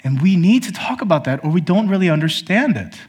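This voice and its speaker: A pastor preaches emphatically and directly to his congregation, addressing them as brothers and sisters. His quick, sing-song, slightly rough delivery swings from high, pointed questions down to low, quiet statements.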